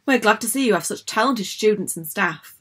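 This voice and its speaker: A woman's voice: medium pitch, expressive, a little fast, a bit bright, husky. A woman voicing a sinister female visitor in a storybook reading, with a tinkling, falsely polite way of speaking.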